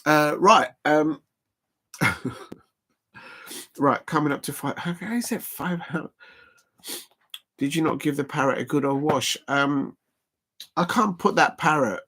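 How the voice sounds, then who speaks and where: A man's voice: a little high, takes it slowly, pauses often, a bit bright. A man hosting a casual live stream watch-along, rambling and chuckling as he chats to viewers.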